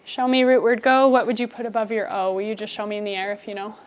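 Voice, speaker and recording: A woman teaching a first grade spelling lesson, giving brisk, encouraging instructions to her class. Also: mid-range voice, flat delivery.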